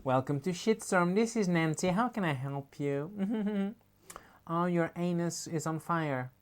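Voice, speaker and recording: A man's voice: high voice, lively intonation, a little slow, voice pushed up. A man voicing a chirpy woman shop clerk, speaking in a singsong customer-service politeness.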